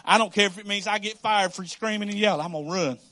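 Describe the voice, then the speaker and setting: A man preaching a sermon as pastor, emphatic and animated, acting out the voices he quotes and swinging from loud to hushed. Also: high-pitched, fast, no room sound.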